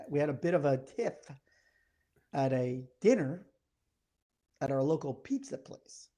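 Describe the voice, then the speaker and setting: A man in his thirties co-hosting a podcast in casual chat, telling a story in a lively way and acting out the lines of the people in it. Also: on the high side, unhurried. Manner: animated storyteller acting out quoted exchanges. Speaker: podcast co-host.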